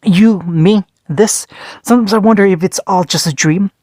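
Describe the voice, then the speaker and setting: A man's voice: sits high, moderate pace, a little mellow, dry recording, clean studio sound, natural voice. A man reading the lines of a wry, teasing pregnant young woman in a fan fiction story reading.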